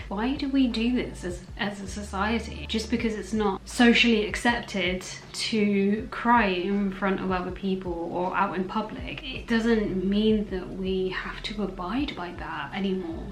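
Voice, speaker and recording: Chatty woman vlogging in an echoey room. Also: medium pitch. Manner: chatty, rambling, correcting herself; earnest and encouraging. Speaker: self-acceptance content creator. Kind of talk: casual vlog talk. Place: at home.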